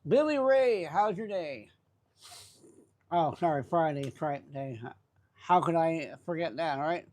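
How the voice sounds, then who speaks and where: A man hosting a live stream in casual chat, greeting viewers by name in a relaxed, chatty way. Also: a little high, unhurried. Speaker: livestream host.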